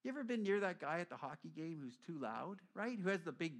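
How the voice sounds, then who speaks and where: A middle-aged man preaching a sermon as a pastor, telling stories lively and acting out quoted voices. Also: fairly high pitch, fast talker.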